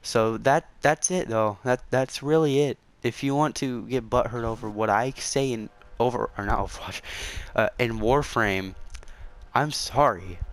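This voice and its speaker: A man talks casually to his gaming channel audience in a smooth, resonant voice of middling pitch. He sounds defensive and keeps circling back over the same point. He stutters and restarts his sentences often. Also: measured pace. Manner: defensive, repeats himself, stutters. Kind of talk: casual rambling to camera. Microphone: console game capture.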